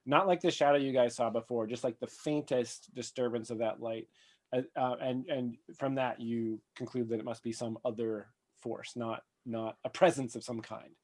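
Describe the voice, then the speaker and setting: A man's voice: medium pitch, moderate pace. Laid-back man running a tabletop game. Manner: relaxed, laughs often, thinks aloud with fillers. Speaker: game master.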